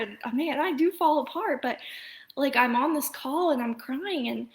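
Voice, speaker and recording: A pregnant woman in her thirties, a mom coach, talking earnestly to viewers on a live stream, rambling with many fillers and restarts and often dropping into a soft whisper. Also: sits high, lively intonation, normal speed. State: heavily pregnant. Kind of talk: Facebook Live talk to viewers.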